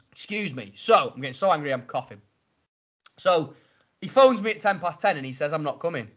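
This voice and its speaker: A man telling a story in a casual chat, animated and mocking, acting out what others said. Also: fairly high pitch, unhurried, pauses often, breathy edge. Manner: animated, mocking retelling with acted-out quotes. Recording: lo-fi muffled audio.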